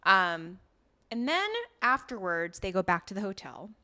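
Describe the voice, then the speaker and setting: A woman co-hosting a podcast in casual chat, recapping scenes as a lively storyteller with exasperation. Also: medium pitch, unhurried, a loud crowd. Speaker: podcast co-host.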